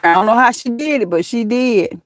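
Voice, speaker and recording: A woman's voice: a little high, animated, a little fast, faint music behind. A woman hosting a casual live chat, reading out comments, laughing often and talking straight to her viewers. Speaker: livestream host.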